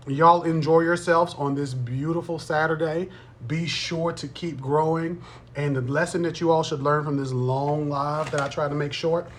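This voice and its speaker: A man's voice: a little high, a little hiss or hum. Chatty man in his thirties hosting a live stream. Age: 30s. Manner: playful, teasing, chatty. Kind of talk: casual live-stream chat.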